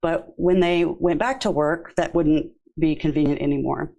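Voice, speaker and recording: Low-voiced woman yoga therapist guest. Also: fairly even intonation, normal speed, creaky, dark tone, low-quality recording. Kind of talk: casual interview.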